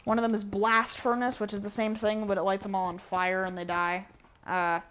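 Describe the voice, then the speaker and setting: Woman, casual gameplay commentary, rambling with fillers, near monotone, mid pitch, faint background hiss. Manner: rambling, self-correcting, with many fillers; even and unhurried, near monotone. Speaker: gameplay guide narrator. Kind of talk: casual game walkthrough commentary.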